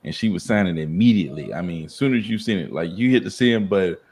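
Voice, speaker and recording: A man chatting casually and slowly about a deal, laughing often. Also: deep voice, lively intonation, darkish tone, slightly rough. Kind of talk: casual chat.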